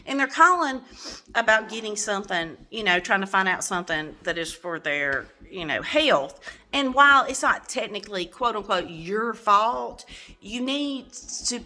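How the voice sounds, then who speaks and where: A woman's voice: mid-range voice, pushed and bright. A middle-aged woman, giving a candid, venting vlog update and swearing freely. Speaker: vlogger.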